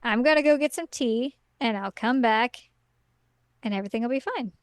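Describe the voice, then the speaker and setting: A brooding young man who keeps love at arm's length, as a woman quotes him in a recap. He speaks hushed and hesitant, softer than the talk around him, in a smooth voice. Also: fairly high pitch, moderate pace, no echo, close to an everyday voice.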